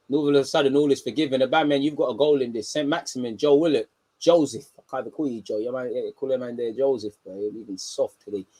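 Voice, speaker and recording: A young man hosting a live football watchalong, talking in slang and swinging from low muttering to excited shouts. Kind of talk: live match reaction commentary.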